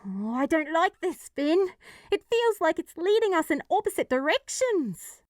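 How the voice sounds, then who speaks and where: A woman voicing a high, feisty young heroine. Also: very animated, dry recording, clean studio sound, full character voice. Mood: worried. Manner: brash, quick and outspoken. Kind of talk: audiobook character voice.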